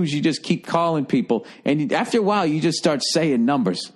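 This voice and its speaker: A man's voice: a little high, lively intonation, fairly quick, hardly any pauses, slightly rough. A man hosting a comedy podcast, telling a rambling, profane story in a casual monologue. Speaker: podcast host.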